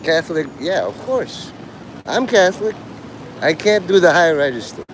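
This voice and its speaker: A man talking casually on a livestream while walking outdoors, rambling and joking and mimicking others in quick quoted voices. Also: a little high, big pitch swings, slight background noise.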